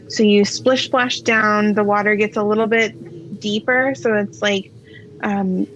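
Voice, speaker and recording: A woman running a tabletop game as game master, narrating in a relaxed way with many pauses and fillers. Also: mid-range voice. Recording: slightly dull, faint noise.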